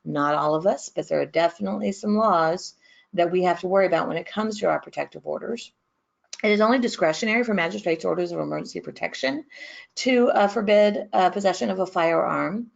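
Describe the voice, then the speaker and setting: A woman's voice: on the low side, brisk, creaky. A woman from San Antonio, presenting a legal training webinar in a chatty, joking way. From San Antonio, Texas. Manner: chatty, self-deprecating, joking. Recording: slightly muffled online audio.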